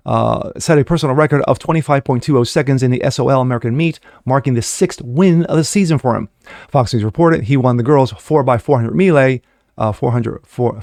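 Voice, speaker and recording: A man's voice: mid-range voice, a little mellow, no echo. A man hosting a daily commentary show, talking in a sarcastic, mocking, loose and conversational way into a close mic.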